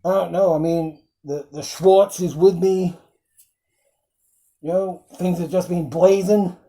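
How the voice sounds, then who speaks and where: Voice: mid-range voice, fairly even intonation, slow pace, dark tone, low-quality recording. A film reviewer recapping scenes in casual chat, rambling with frequent ums and acting out quoted lines in bursts.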